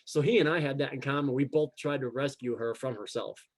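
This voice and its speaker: A man's voice: mid-range voice, fairly quick. A man telling a personal story in casual chat, acting out the quoted dialogue and often repeating words as he goes. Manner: animated, acts out quoted dialogue. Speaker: guest.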